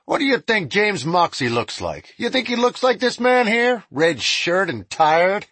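A man doing a brash, excitable frontier deputy. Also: high-pitched, measured pace, husky, no echo, pitched above the performer's own voice, heavily acted.

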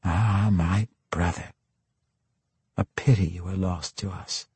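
A cold, imperious female drow matriarch, played by a male audiobook narrator, issues her words with sharp, spiteful authority. The voice carries a husky grain and swings through a wide pitch range. It is recorded close and dry. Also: big pitch swings, takes it slowly, no echo, exaggerated voice. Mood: hushed. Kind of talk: audiobook character voice.

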